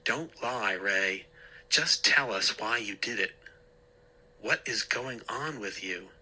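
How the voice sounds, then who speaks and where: A man's voice: on the low side, slow pace, bright, forceful tone, slightly rough, heavily acted, poor audio. A man voicing a stern, exasperated mother who scolds her son firmly. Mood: scolding. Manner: scolding, firm.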